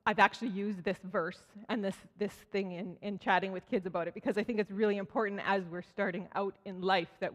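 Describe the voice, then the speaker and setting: A woman giving a conversational sermon at a church, telling stories and acting out quoted voices. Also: mid-range voice. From Canada. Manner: storytelling, acts out quoted voices, frequent restarts. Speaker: speaker at church. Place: church sanctuary. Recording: church hall with long reverb.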